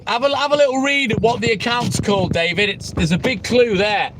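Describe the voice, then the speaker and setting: A man's voice: sits high, brisk, background noise. Cheery English man chatting on a livestream. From England. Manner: cheery, jokey, laughs often, answers comments by name. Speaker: livestreaming milkman. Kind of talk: casual livestream chat with viewers. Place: outdoors on a night delivery round by a seafront.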